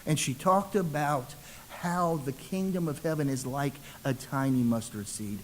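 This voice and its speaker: A man's voice: on the high side, unhurried, a little hiss or hum, rough recording. Man preaching in a storytelling way. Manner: conversational storytelling, acts out voices in quotes. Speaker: ruling elder preaching. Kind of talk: sermon.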